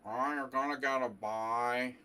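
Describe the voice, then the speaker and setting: A man impersonating a gruff old male chess tournament director, making slow, loud, drawling announcements. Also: medium pitch, fairly even intonation, pitched above the performer's own voice. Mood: announcing.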